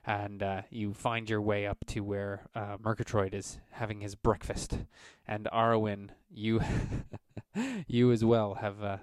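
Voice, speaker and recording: Male game master, low-pitched and dry, casual rambling narration. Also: slow pace, clear, resonant tone, no echo. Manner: relaxed, rambling narration with many fillers.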